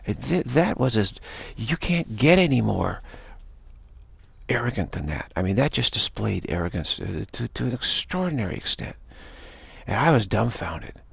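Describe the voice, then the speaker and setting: A man's voice: on the low side, very animated, normal speed, creaky, slightly rough, dry recording. A man telling a rambling, indignant story in a casual talk. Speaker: spiritual channel host. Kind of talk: casual spoken anecdote.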